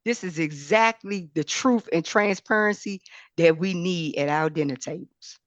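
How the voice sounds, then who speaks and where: A woman's voice: on the low side, a little slow, no echo, muffled recording. Emphatic woman with a preacherly cadence. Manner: emphatic, repeats words, preacherly rise and fall. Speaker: podcast guest, abuse survivor speaker. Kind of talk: impassioned talk.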